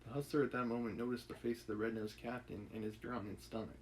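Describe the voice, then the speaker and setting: Picture a man reading a classic novel aloud on a live stream, pausing often to think out loud and correct himself. His voice sits at an ordinary middle pitch. A faint hiss runs underneath. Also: fairly even intonation, rough recording. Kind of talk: casual read-aloud with commentary. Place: home setup, live stream.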